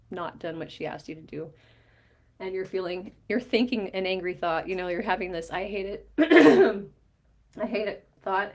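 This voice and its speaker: Woman coach retelling a session. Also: medium pitch. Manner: animated storytelling, quoting both sides of a conversation with light laughs. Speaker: mindset coach. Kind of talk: explaining a coaching diagram while recounting a session.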